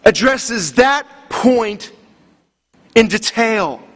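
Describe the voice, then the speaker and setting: A man's voice: sits high, expressive, very slow, a bit bright. A man preaching a sermon, earnest and building in intensity. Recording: long hall reverb.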